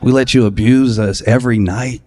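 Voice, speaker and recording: A man doing a profane, animated stand-up set in a live comedy club, acting out voices in his stories. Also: mid-range voice, moderate pace. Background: audience laughter.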